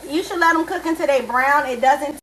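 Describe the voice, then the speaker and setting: A woman hosting a casual home cooking lesson, chatting through each step in a relaxed way. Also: sits high, a little fast, slight background noise. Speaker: cooking show host. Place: home kitchen.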